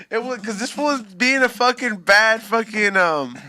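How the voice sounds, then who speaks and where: A man's voice: sits high, unhurried, pushed and bright, no echo. A man, casually telling a story on a podcast, slangy and full of profanity. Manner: laid-back slangy storytelling with profanity, laughs often. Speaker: podcast host.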